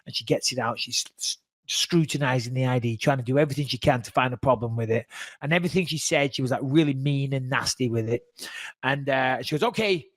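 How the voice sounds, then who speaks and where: A man's voice: medium pitch, fast talker, no room sound. A man, telling a story casually on a podcast and acting out the people he quotes. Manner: animated, acts out quoted dialogue.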